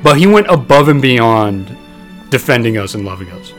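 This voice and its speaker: A young man co-hosting a podcast, telling a long story in a rambling, profane, animated way. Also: mid-range voice, moderate pace, faint music behind. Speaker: podcast co-host.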